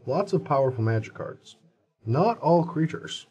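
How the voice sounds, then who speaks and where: A man's voice: a little high, lively intonation, a little slow, a little mellow, husky, highs cut off. Man thinking aloud over a card match. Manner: thinks aloud, joking, hesitant restarts. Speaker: card game player. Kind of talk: casual table talk during a match.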